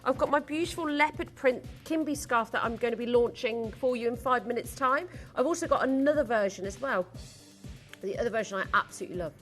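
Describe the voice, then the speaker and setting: A woman's voice: fairly high pitch, fairly quick, fairly bright tone, soft background music. Chatty woman selling jewellery. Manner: chatty, giggly, enthusiastic. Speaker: shopping channel presenter.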